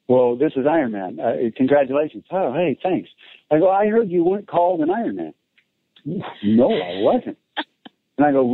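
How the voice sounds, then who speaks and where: This race announcer speaks at a fairly high pitch and a fairly quick clip, animatedly acting out voices and laughing a lot as he tells stories in a relaxed interview. The sound is a tinny phone line with no room sound.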